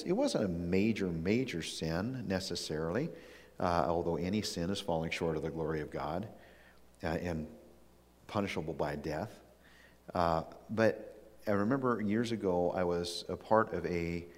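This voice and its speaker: Deep-voiced man preaching in a hall. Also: darkish tone. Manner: earnest, personal storytelling with frequent restarts. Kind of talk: sermon.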